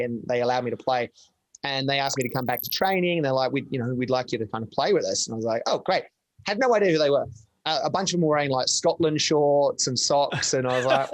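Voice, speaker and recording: A man in his forties, a podcast guest telling rambling, animated stories with quick laughs, on a close, dry microphone. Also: mid-range voice, no echo. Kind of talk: casual storytelling chat.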